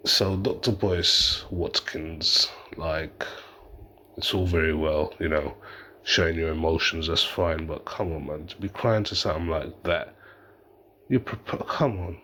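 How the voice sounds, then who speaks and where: A man's voice: rumbling low, a little slow, sharp tone, slight background noise. A man giving a casual, rambling reaction commentary, swearing freely and breaking into laughter. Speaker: reaction vlogger.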